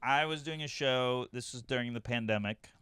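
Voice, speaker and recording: A man's voice: mid-range voice, moderate pace, a bit bright, clear, resonant tone, no room sound, clean studio sound. A man from Syracuse, New York, a comedian guest chatting casually on a podcast and telling stories with some stammering. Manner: stammering, self-deprecating storyteller.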